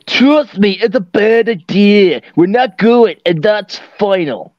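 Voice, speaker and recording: A man voicing a grumpy, sarcastic male ogre husband in a fan dub, gruff and attempting a Scottish accent. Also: sits high, animated, takes it slowly, dry recording, dull audio. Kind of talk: fan dub of an animated film.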